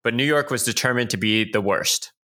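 A man's voice: mid-range voice, brisk, pushed and bright. A man co-hosting a casual podcast chat, joking and laughing often as he reads out facts. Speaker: podcast co-host.

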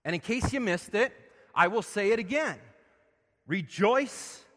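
Male pastor, slightly high voice, preaching with rhetorical questions, loud then hushed, long hall reverb. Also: expressive, fairly quick. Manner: asks the congregation questions, swings from loud emphasis to soft and low. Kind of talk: sermon.

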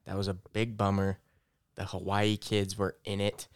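A man's voice: fairly low pitch, monotone, moderate pace, clear, resonant tone, dry recording. A man hosting a casual sports betting podcast, recapping picks in short laid-back bursts. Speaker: podcast host.

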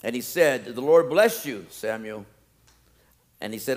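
A male pastor preaching a sermon, animated, swinging from loud pleading to quiet, low asides. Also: moderate pace.

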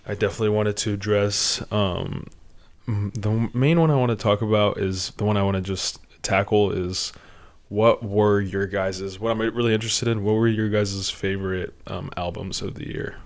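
A man with a raspy voice hosting a casual podcast, rambling and swearing, a little sniffly. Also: on the low side, fairly even intonation, moderate pace. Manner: laid-back, rambling, swears often. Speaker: podcast host. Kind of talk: casual chat.

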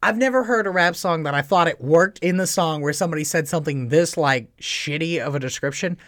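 A man's voice: a little high, brisk, no room sound, clean studio sound. A man in his thirties hosting a podcast, telling crude stories with lots of laughter and swearing. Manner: animated, laughing, profane storytelling. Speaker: podcast host. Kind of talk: crude casual chat. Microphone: studio mic close up.

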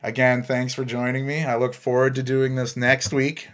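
A man's voice: medium pitch, flat delivery, moderate pace. A man in his thirties hosting a podcast, telling a story in a rambling way, with many fillers and frequent laughs. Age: 30s. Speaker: podcast host. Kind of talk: casual storytelling monologue.

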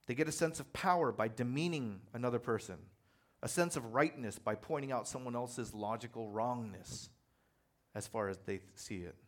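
A man preaching a sermon in a conversational, animated way, telling personal stories with self-deprecating humor. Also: medium pitch, normal speed. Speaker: pastor.

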